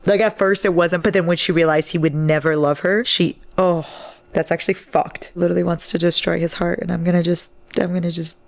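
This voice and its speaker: A woman's voice: lowish voice, steady tone, a little fast, gravelly. A young woman vlogging as she reads, talking casually and reacting with dramatic, gushing outbursts that are laced with swearing. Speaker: book vlogger. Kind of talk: casual reading vlog.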